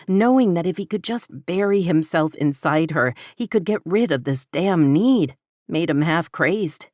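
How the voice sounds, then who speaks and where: A woman reading an audiobook romance novel in a measured, steady manner. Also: on the low side, dry recording, clean studio sound. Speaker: audiobook narrator. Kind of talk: scripted romance narration.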